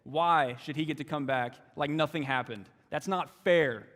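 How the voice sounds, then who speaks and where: A preacher acting a bitter older brother. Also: male voice, a little high, moderate pace, a bit bright, natural voice. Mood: resentful, aggrieved. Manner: pleading, aggrieved complaints. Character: resentful older brother, young man, bitter. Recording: long church hall reverb.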